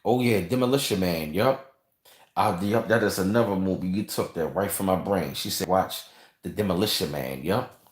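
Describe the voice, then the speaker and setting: Livestream host, male, lowish voice, loose rambling chat, roomy echo. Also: normal speed. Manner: rambling, conversational, repeats phrases, reads and thanks viewers. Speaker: channel host reading live chat.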